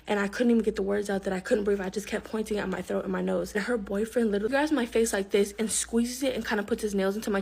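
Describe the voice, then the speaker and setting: A young woman telling a personal story in a rapid, emphatic way, acting out the people she quotes. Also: mid-range voice, vocal fry, breathy edge. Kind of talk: storytime narration.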